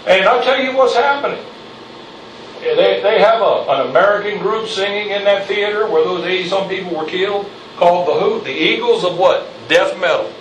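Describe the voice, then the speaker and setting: A man's voice: high voice, moderate pace, far from the mic, slight background noise. Fiery preacher man in echoey church. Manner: preaching with rising intensity, calls for amen. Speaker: pastor. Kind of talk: fiery sermon. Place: church sanctuary. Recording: echoey church, mic from afar.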